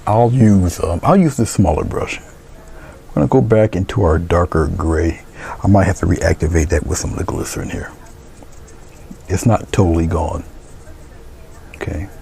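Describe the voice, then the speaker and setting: A deep-voiced man with a gravelly edge walks viewers through a painting, calm and encouraging. His words often sink into soft, half-whispered murmurs as he works, over a faint hum of room noise. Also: measured pace, pauses often. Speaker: painting instructor. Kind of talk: step-by-step painting tutorial.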